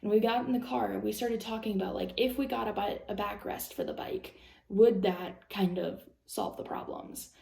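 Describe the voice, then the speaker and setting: A young woman rambles through a personal story for her vlog, full of fillers and restarts. Her voice has a gravelly fry and a mellow, darker tone. The room around her sounds echoey. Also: mid-range voice, steady tone, moderate pace. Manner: rambling, lots of "like" and "um", anxious retelling. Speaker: vlogger.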